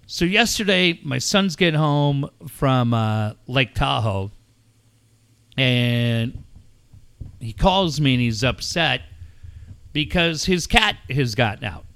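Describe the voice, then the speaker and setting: Brief: middle-aged guy, bright lively voice, profane storyteller. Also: medium pitch, takes it slowly, long pauses, smooth. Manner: animated, swears often, acts out quoted shouts. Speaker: show regular telling a story.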